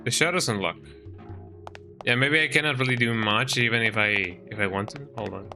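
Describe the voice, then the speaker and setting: A man's voice: medium pitch, fairly quick, sharp tone. A young man streaming a game, casually musing aloud and second-guessing himself. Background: faint game music.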